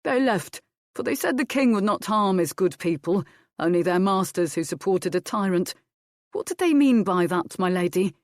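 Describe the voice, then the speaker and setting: A woman's voice: mid-range voice, animated, moderate pace, no room sound, studio quality, natural voice. A woman reading the part of a loyal, anxious male steward in an audiobook. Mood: worried. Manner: anxious, earnest.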